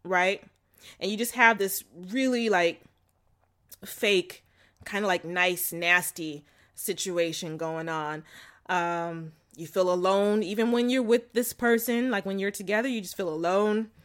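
Speaking a little slowly in a medium-pitched voice, this woman gives relationship advice in a casual chat to her viewers. Her talk is candid and full of slang, frequent laughter, and fillers like "like" and "you know."

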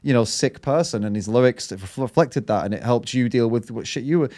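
A young man hosts a casual podcast debate with a mid-range voice. He talks in an animated way, swears freely and drops into mocking voices when he quotes people. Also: mid-range voice, a little fast. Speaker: podcast host.

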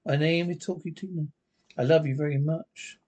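A woman's voice: low-pitched, steady tone, normal speed, warm tone, slightly rough. A woman voicing a talking girl doll that turns from sweet to threatening, in a sing-song recorded voice, in a classic television drama.

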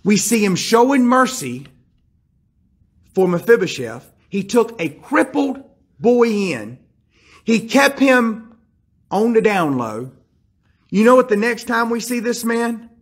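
Husky, high-voiced male preacher. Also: big pitch swings, slow pace, pauses often. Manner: emphatic, storytelling, addresses the congregation directly. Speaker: pastor. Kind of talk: sermon.

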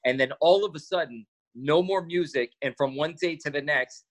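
A man's voice: on the high side, normal speed. A man telling stories as a guest in a casual interview, acting out quoted lines as he goes. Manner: animated storyteller, acts out quotes. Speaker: podcast guest.

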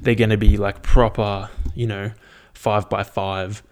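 A man's voice: on the low side, flat delivery, a little slow, darkish tone, clean tone. A young man casually recapping his training, rambling and swearing freely in an upbeat way. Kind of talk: casual chat.

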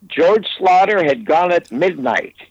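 A man's voice: high voice, lively intonation, measured pace, no echo. An older American man, an interview guest and former TV producer, telling an anecdote in an emphatic, digressive way with restarts. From United States. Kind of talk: anecdotal storytelling. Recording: dull, dry lo-fi audio.

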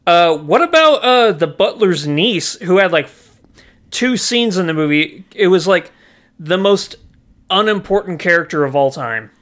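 Dude on a movie podcast, kinda high voice, blunt and chatty. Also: male voice, animated, measured pace, a bit bright. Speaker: podcast co-host. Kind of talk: casual movie review chat.

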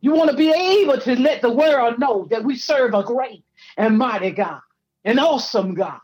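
A woman preaching with fervent, rhythmic repetitions, her high voice husky and teary, breaking now and then. She is from Georgia and delivers her testimony with the cadence of a guest preacher. Soft music plays behind her. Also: lively intonation, normal speed, highs cut off.

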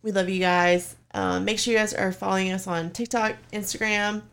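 Woman co-host, mid-pitched, loose casual chatter with swearing and filler words. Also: fairly even intonation, moderate pace, gravelly, fairly bright tone. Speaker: podcast co-host. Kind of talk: casual chat.

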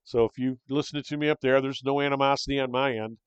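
A man's voice: mid-range voice, fairly even intonation, fast, smooth, no room sound. An older man from Michigan hosting his own show, chatting in a rambling, friendly way with many fillers and restarts. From Michigan, USA. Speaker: podcast host. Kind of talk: casual solo monologue. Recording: slightly dull, dry close-mic recording.

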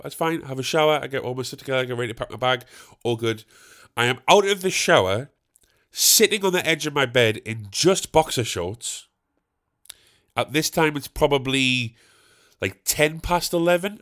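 A young man spins a comic anecdote for his podcast in an animated, self-assured style. His voice sits at a middle pitch, and he builds toward exasperated, punchy outbursts. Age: young adult. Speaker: podcast host. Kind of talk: comic storytelling.

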